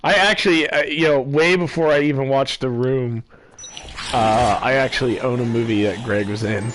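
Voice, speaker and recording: A man's voice: mid-range voice, fairly even intonation, moderate pace, fairly bright tone, slight background noise. A young man streaming a game, chatting casually and rambling with lots of restarts and fillers. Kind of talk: casual chat over gameplay. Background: game music.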